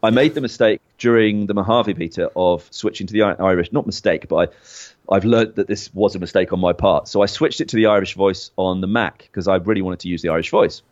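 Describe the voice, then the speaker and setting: A man with a fairly low voice talks through a casual tech chat, laughing often and restarting his sentences. The recording sounds a little dull and lo-fi. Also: a little fast, a little mellow. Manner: chatty, laughing, with frequent restarts. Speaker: podcast co-host.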